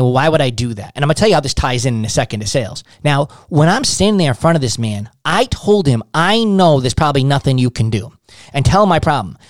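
A man giving sales advice in a loose, profane style, his pitch swinging widely as he acts out both sides of his stories. The sound is dry and close, with no room around it. He is blunt and direct. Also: no room sound. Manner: blunt, swearing, acts out dialogues. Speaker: sales trainer.

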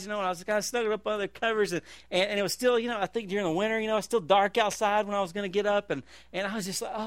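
A middle-aged man preaching a sermon as pastor, swinging between loud calls and quiet, slow emphasis. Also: sits high, clean tone, no room sound.

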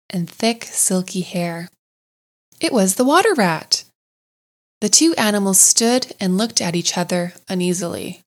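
A woman narrating a classic children's storybook in a gentle, unhurried, expressive way. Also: mid-range voice.

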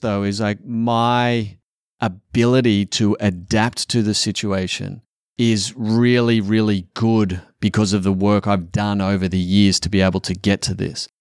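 A man's voice: fairly low pitch, no echo, studio quality. A middle-aged man talking candidly as a father on a podcast, earnest and often swearing. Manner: earnest, swears often, acts out quotes in a raised voice. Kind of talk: candid casual podcast talk.

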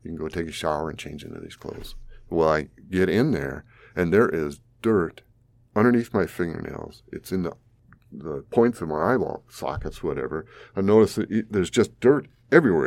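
Recorded dry, this South Dakota man in his sixties speaks in a low voice with a darkish tone. Interviewed about surviving a flood, he recounts his own story vividly, breaking into an occasional chuckle.

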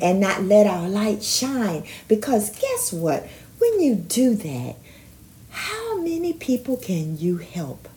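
A woman's voice: medium pitch, mellow. A middle-aged woman hosting a motivational podcast, talking in an encouraging way, repeating herself and laughing often. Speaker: podcast host.

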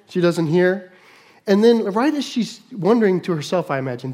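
A middle-aged man preaching a sermon, moving between loud mock shouts and quiet asides. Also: sits high, animated, normal speed. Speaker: pastor.

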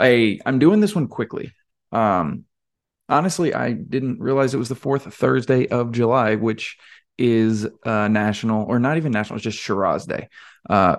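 Rambling low-voiced podcast host. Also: male voice. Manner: rambling, self-deprecating, many fillers. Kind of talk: casual solo podcast talk.

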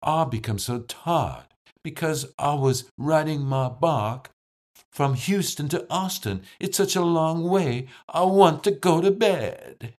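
A man's voice: fairly high pitch, lively intonation, slow, darkish tone, pitched above the performer's own voice. A man voicing a tired Southern man with a Southern US accent, drawling and complaining. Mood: weary. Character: tired Southern man after a long bike ride.

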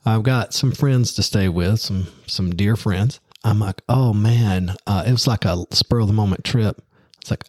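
Animated, self-mocking man telling stories. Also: on the low side, normal speed, husky, no room sound, studio quality. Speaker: podcast host. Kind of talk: casual storytelling chat.

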